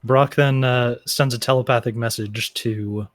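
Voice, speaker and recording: In a tabletop role-playing game, a man acting as game master narrates the characters' actions in a relaxed way. His pitch is medium and his pace measured.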